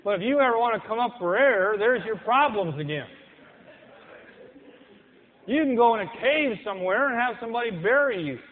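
Preacher, male, high voice, fervent sermon delivery, hall reverb, tinny sound. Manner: impassioned, mimics people in quoted voices.

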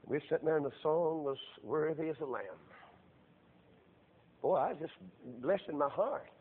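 A middle-aged male preacher with a fairly high voice delivers a fervent sermon, his phrases stretching and building into loud, drawn-out emphasis. the recording is thin and tinny, like it came through a phone line.

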